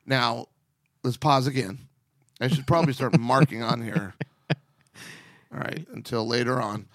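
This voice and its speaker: A man's voice: mid-range voice, a little slow, no echo, studio quality. A man co-hosting a casual podcast, reading listener questions aloud and getting worked up about them, sometimes breaking into mock voices. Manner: animated, gets worked up, reads with mock voices.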